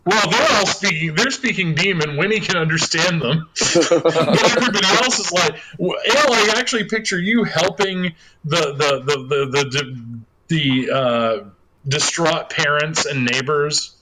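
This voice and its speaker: A man running a tabletop game as game master over a voice call, chatty and quick to laugh, often trailing off into repeated words. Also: a little high, crowd noise. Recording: noisy online call recording.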